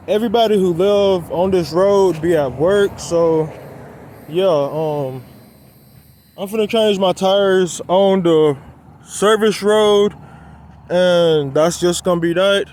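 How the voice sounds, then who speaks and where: A quiet roadside is the setting as a young male car vlogger, high-pitched with a darkish tone, works on his car and chats casually to y'all viewers. The talk is loose and rambling, he's a bit winded, and there's slight background noise.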